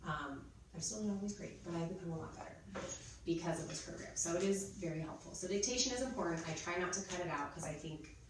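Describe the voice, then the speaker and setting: A woman's voice: on the low side, fast talker. A woman in her thirties training teachers, chatty and explaining step by step as she models spelling drills. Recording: echoey room, mic far off, noisy.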